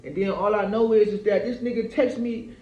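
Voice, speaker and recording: Talking a little fast in a fairly high, steady voice, a vlogger in his thirties vents through a heated, profane, rambling monologue and keeps asking his listener "you feel me." The audio is dull and lo-fi, with noticeable room echo.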